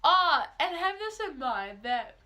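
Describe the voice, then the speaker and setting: A woman's voice: extremely high pitch, very animated, slow pace, pushed and bright. A teenage girl from New Zealand with a Kiwi accent, telling a storytime vlog in a chatty way and filling it with "like". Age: teens. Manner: chatty, says "like" constantly, acts out quotes. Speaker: vlogger. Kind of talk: casual storytime.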